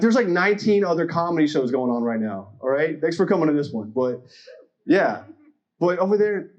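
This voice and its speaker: Chatty young comic from Arkansas. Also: male voice, sits high. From Arkansas, USA. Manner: chatty, self-mocking, talks to the crowd. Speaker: stand-up comedian. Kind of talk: stand-up comedy set. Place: comedy club stage.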